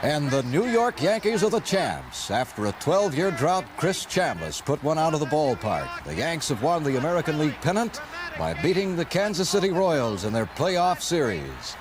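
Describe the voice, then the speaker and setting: A man's voice: a little high, sing-song, normal speed. A man anchoring a TV evening newscast in a polished anchor delivery. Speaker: TV news anchor. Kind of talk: news broadcast. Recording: noisy 1970s TV news broadcast.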